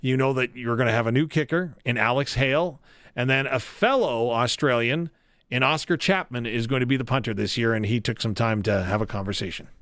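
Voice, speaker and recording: A Canadian man hosts a sports radio talk show and keeps his questions lively and full of jokes. His voice sits at a middle pitch, and the studio sound is dry and close. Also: a little fast, no room sound. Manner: lively, joking interviewer. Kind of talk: radio interview and call-in chat.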